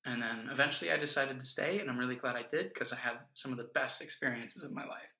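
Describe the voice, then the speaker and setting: A man's voice: mid-range voice, fast talker, sharp tone. A man in his twenties, a podcast guest, telling stories in an earnest, reflective way. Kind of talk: casual chat. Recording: echoey room.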